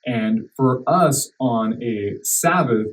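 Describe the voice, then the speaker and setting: A man's voice: mid-range voice, slow pace, recorded from a distance, poor audio. A man hosting a church podcast, chatting casually, affirming his guest and steadily leading the talk. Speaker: podcast host, church minister.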